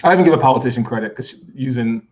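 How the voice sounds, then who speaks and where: A man's voice: mid-range voice, rapid-fire, heavy background noise. A man from New Jersey, a podcast guest chatting casually and laughing often between his remarks. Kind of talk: casual chat. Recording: dull lo-fi audio.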